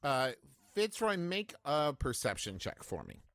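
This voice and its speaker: A man's voice: a little high, very animated, unhurried, fairly bright tone, slight background noise. A man running a tabletop role-playing game on a live stream, easygoing as he gives rulings. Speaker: game master.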